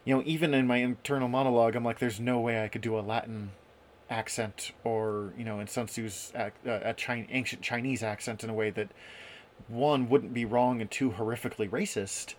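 A man's voice: mid-range voice, steady tone. Male podcast co-host, mid-range voice, rambling and self-mocking, with faint background noise. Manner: chatty, self-deprecating, halting restarts. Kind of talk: casual podcast chat.

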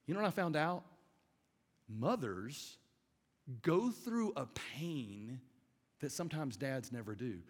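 A man's voice: medium pitch, sing-song, slow pace, long pauses. Man preaching in a reverberant church hall. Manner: conversational, swings from loud to hushed. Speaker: pastor. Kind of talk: sermon. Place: church auditorium stage.

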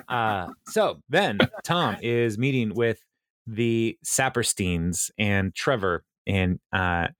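A man hosting a casual chat, retelling an episode in a halting, rambling way with frequent chuckles. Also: lowish voice, expressive, fairly bright tone, dry recording. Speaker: podcast host recapping a TV episode.

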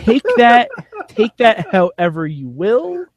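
A man co-hosting a podcast, recapping a wrestling show in casual, animated, jokey chat and laughing often. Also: sits high, slow, no echo.

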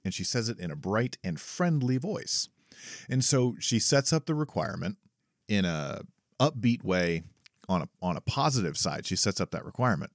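A man's voice: lowish voice, very animated, moderate pace, no echo, clean studio sound. A man co-hosting a podcast who explains his ideas at length in a thoughtful way, often restarting his sentences. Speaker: podcast co-host; parent. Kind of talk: casual chat.

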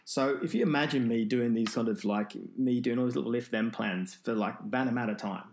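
A man's voice: medium pitch, brisk. A man who is an endurance runner, telling a story as an interview guest, rambling with many restarts. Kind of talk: storytelling in conversation.

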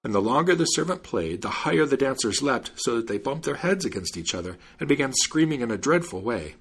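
A man hosting a podcast, reading a fairy tale aloud in an expressive, animated way. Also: mid-range voice, a little fast, husky. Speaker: podcast host and storyteller. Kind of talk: scripted narration of a fairy tale.

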